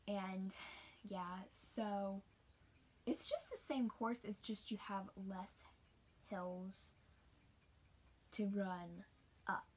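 A teenage girl telling a rambling storytime for her channel, chatty with many fillers and soft whispered asides. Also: medium pitch, a little hiss or hum. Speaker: vlogger. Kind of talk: casual storytime.

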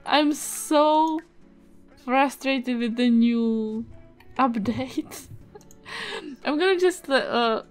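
A Czech-accented woman giving casual let's-play commentary, excitable, swearing and yelping at the game. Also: fairly high pitch. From Czech Republic. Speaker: gaming video creator.

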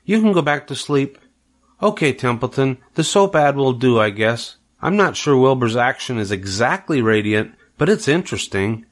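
An older man voicing a patient, kindly female spider who gives brisk, coaxing instructions in a storybook reading. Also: medium pitch, big pitch swings, pitched above the performer's own voice, natural voice. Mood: commanding, lively.

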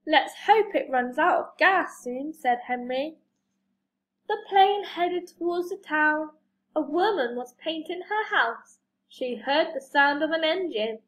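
A woman reads a children's story aloud at a slow, careful pace. Her high voice swings widely in pitch as she gives the characters their lines. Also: poor audio. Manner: slow, expressive reading with lively character voices. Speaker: reader.

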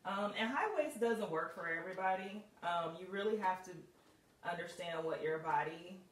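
A woman's voice: lowish voice, normal speed. Laid-back lady chatting about clothes, lots of ums, sounds far from the mic with faint hiss. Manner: chatty, laughs often, many ums. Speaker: style coach. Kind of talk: casual live video demo. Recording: roomy, distant, faint hiss.

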